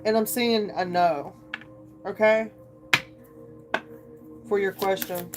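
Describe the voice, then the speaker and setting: Slow-talking woman reading tarot live. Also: medium pitch, steady tone. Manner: chatty, rambling, addresses viewers as you guys. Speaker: tarot reader livestream host. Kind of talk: casual livestream tarot reading. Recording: singing bowl music playing behind.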